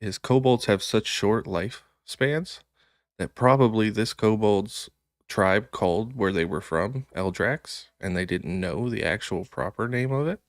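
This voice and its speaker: A man narrating as game master in a tabletop role-play, relaxed and quick to laugh. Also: lowish voice, no room sound, studio quality.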